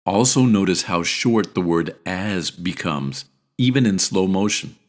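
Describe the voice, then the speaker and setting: A man teaching pronunciation in a scripted video lesson, repeating each word deliberately and clearly. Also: low-pitched, lively intonation, soft background music.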